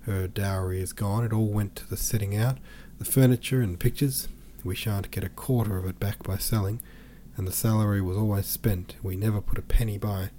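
A man voicing a distraught middle-aged woman pleading tearfully with her brother, in a low, mellow reading voice. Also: fairly even intonation, fairly quick, hardly any pauses, slight background noise, close to an everyday voice. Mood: despairing. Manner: pleading, tearful, breathless run-on speech.

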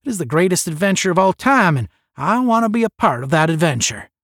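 A man reading as a smooth, cocky young cadet. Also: high voice, big pitch swings, fast talker, a bit bright, no echo, voice pushed up, exaggerated voice. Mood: confident. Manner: smooth, self-assured. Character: confident, smooth-talking young male space cadet.

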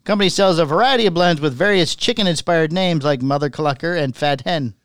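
A man's voice: on the high side, a little fast, fairly bright tone, clear, resonant tone, dry recording, studio quality. A man hosting a casual podcast, reading news items and playfully going along with jokes. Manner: playful, giggly, plays along.

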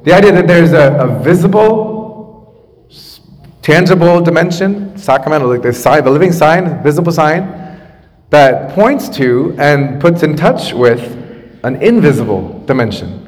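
A man's voice: fairly high pitch, lively intonation, measured pace. A man in his thirties, a pastor, preaching a sermon casually, with asides and restarts, on a makeshift microphone in a church. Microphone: makeshift microphone after the main one broke. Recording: long church reverb.

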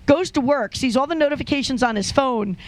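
A man's voice: very high-pitched, a little fast, rough recording. A man co-hosting a radio show, chatting casually and rambling through a story. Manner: rambling storyteller with restarts and quoted asides. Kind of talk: casual chat.

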